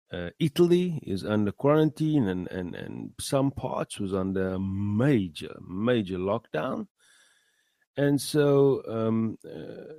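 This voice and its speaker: A man hosts a motivational talk in a slow, gravelly voice that swings widely in pitch. He halts often, repeats words and leans hard on key phrases. The sound is dry and close. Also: a little mellow, no echo. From South Africa. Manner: halting, many fillers and repeated words; earnest, rising emphasis on key phrases. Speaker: podcast host. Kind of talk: motivational monologue.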